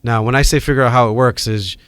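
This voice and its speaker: A middle-aged man from Hawaii with a Hawaiian accent, telling animated stories as a podcast guest. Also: mid-range voice, quick pace, smooth, dry recording. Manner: animated storyteller acting out quoted voices. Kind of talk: storytelling in a podcast interview.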